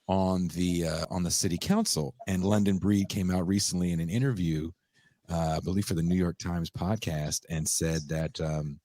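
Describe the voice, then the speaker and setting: A man hosting a podcast, giving measured commentary with some fillers. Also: low-pitched, no echo. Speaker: podcast host.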